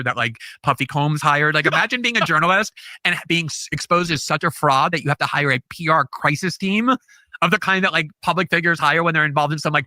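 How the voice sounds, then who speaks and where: A man speaks as a guest on a casual podcast and piles on sarcastic asides as his stories tumble out. He talks at a rapid clip with a bright, forceful tone. The sound is close and dry. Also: on the high side, no room sound. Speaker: guest commentator.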